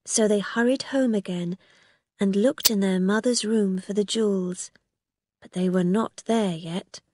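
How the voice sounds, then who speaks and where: A woman narrating a graded-reader story in a clear, measured storytelling manner. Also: mid-range voice, darkish tone, no room sound, clean studio sound.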